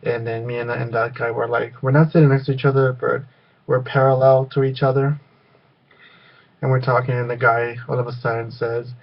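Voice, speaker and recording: A man's voice: medium pitch, level tone, fairly quick, dull audio. A man telling a rambling story in a casual vlog, full of fillers and restarts. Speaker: vlogger.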